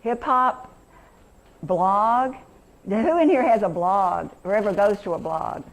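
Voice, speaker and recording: A woman's voice: mid-range voice, measured pace. A middle-aged woman teacher leading an interactive workshop lesson, enthusiastic and quizzing her audience.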